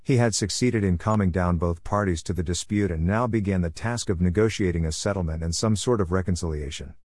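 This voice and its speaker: Low-voiced man narrating a story. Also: dry recording, studio quality. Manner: steady, measured reading.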